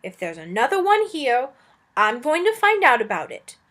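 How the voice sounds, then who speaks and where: A woman voicing a grumpy, impatient dragon who speaks slowly with a put-on accent. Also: sits high, huge pitch swings, a bit bright, pitched above the performer's own voice, exaggerated voice. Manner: slow drawling delivery with a put-on accent.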